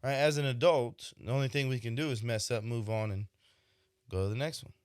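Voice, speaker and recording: A man's voice: mid-range voice, a little fast, a little mellow, smooth, dry recording, studio quality. A young man hosting a podcast, talking through his thoughts in a casual, reflective monologue, often checking in with "right?". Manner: reflective, conversational, frequent "right?" asides. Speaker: podcast host, expecting father.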